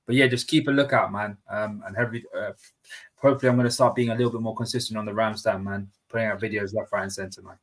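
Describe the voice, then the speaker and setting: A man's voice: fairly low pitch, steady tone, fast. A man co-hosting a casual football livestream, laid-back and full of fillers. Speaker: co-host.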